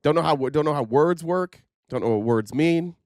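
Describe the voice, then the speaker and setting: A man's voice: a little high, expressive, moderate pace, a little mellow, no room sound, studio quality. A man hosting casual news commentary, rambling and sarcastic with plenty of fillers. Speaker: commentary host.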